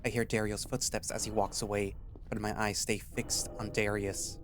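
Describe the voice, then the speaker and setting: Low-voiced man reading a story aloud. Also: level tone, moderate pace, music in the background. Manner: rambling, loose recap full of fillers. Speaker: story reader.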